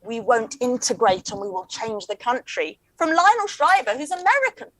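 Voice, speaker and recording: A woman, chatting as a comedian guest in a quick, wry, joking way. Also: a little high, animated, a bit bright, low-quality recording. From England. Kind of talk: casual chat.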